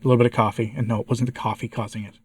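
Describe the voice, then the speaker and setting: An American man with a congested and slightly hoarse voice, giving a candid personal update to his viewers and asking them for advice. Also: medium pitch, little pitch movement, racing, darkish tone. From United States. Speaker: vlogger, channel host.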